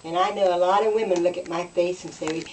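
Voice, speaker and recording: A woman's voice: on the low side, fairly even intonation, brisk, a little mellow, slight background noise. Folksy woman comic, distant mic. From West Virginia. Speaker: comedian. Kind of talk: deadpan hillbilly stand-up routine.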